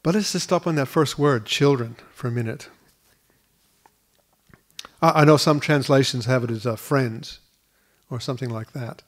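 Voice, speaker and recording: Male pastor, middle pitch, earnest sermon delivery with frequent restarts. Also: moderate pace, pauses often. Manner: earnest, repeats words at restarts. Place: school hall used for church.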